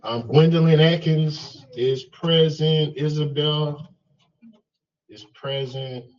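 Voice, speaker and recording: A male math instructor calling roll in class, halting and checking how names are pronounced. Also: a little high, darkish tone, recorded from a distance, highs cut off. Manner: slow, halting, checks name pronunciations.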